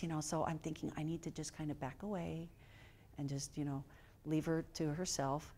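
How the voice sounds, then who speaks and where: A middle-aged woman speaker telling a personal story to a lecture audience, earnest, with many fillers, dropping to a hush at moving parts. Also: sits low, steady tone, moderate pace, slight background noise. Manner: earnest, hushed when moved, many fillers. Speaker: guest speaker. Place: lecture hall.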